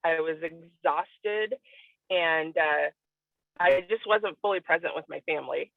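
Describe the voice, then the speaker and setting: A woman's voice: low voice, unhurried, creaky, no room sound. Earnest woman on a tinny phone line. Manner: earnest, candid, tearing up at times. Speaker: guest sharing a testimonial. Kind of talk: emotional personal testimony on a video call.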